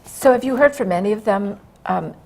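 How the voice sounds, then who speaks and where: A woman's voice: medium pitch, expressive, brisk, darkish tone. A woman hosting an interview, asking curious, stacked questions and rephrasing as she goes. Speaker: host. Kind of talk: interview conversation.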